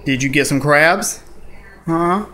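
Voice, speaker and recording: A man's voice: a little high, slow, bright, forceful tone. A man, coaxing and sing-song as he talks to his dogs in a casual home video. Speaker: dog owner filming his pets. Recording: noisy home video recording.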